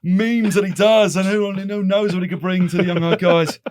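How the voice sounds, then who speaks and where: A man's voice: high-pitched, steady tone, moderate pace, darkish tone, voice pushed up, lightly acted. A man voicing an overexcited male football pundit in a comic parody, with a rambling, chuckling delivery. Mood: mock-earnest.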